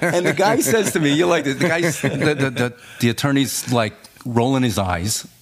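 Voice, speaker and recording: A man, a former detective, telling a case story in casual chat, animated and often repeating his words. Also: medium pitch, moderate pace, a loud crowd.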